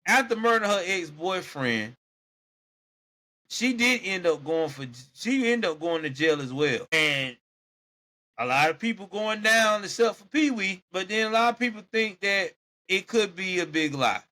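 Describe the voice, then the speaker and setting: A man's voice: high-pitched, expressive, a little slow, sharp tone. A man hosting a podcast, telling a true-crime story casually and animatedly, with exclamations and laughter. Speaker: podcast host.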